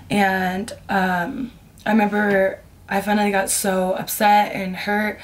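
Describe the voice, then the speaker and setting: Candid young woman telling a rambling story. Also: medium pitch. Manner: candid, rambling, heavy use of "like". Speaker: vlogger. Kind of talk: casual storytime.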